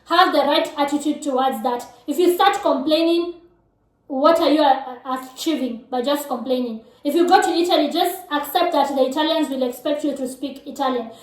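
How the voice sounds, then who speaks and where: Kenyan woman, Kikuyu native speaker, high voice, frank casual advice, echoey room. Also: normal speed. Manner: frank, animated, speaks directly to the viewer. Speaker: vlogger. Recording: echoey room, mic at a distance.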